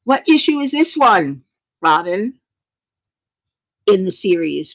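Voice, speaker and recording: A woman's voice: mid-range voice, very animated, slow pace, pauses often, a bit bright. A woman hosting her own channel, chatting casually with viewers, laughing often in a playful way. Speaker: channel host.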